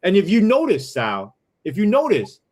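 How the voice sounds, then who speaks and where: A man's voice: high-pitched, huge pitch swings, normal speed, darkish tone. A man, a former police sergeant who tells his story as a podcast guest in a heated, profane way, full of asides.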